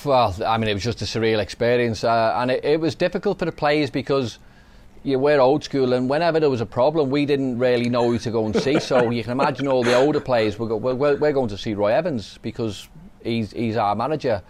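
Middle-aged Scouse man, relaxed podcast storyteller, mid-pitched voice. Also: a little fast. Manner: chatty, anecdotal, laughs while telling stories. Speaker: podcast host, former footballer. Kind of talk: casual storytelling chat.

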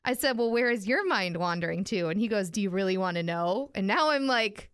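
A woman's voice: medium pitch, lively intonation, fairly quick, fairly bright tone, clean tone. A young adult woman and radio host, chatting casually and telling a story, giggly as she reads out messages. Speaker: radio personality and podcast co-host. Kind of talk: casual chat.

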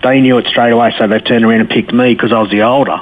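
A man's voice: mid-range voice, steady tone, quick pace. Man telling his story on the phone. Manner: blunt, earthy storytelling with slang. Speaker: interview guest. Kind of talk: personal testimony in casual conversation. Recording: phone line with faint noise.

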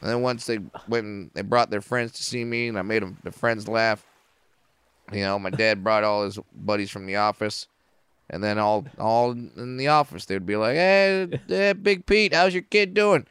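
Crisp, dry-sounding comedian telling stories. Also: male voice, on the low side, no room sound. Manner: profane, animated, quick to act out quotes. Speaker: comedian guest. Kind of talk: casual podcast interview storytelling. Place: podcast studio.

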